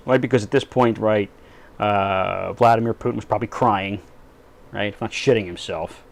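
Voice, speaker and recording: A man's voice: lowish voice, moderate pace, gravelly. Rambling, mocking male blogger. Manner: rambling, keeps asking "right?", crude and mocking. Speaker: political blogger. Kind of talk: satirical political commentary.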